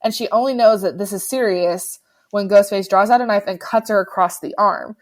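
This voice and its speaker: A woman's voice: medium pitch, moderate pace. A woman co-hosting a podcast, eagerly retelling a horror film scene in casual chat. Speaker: podcast co-host.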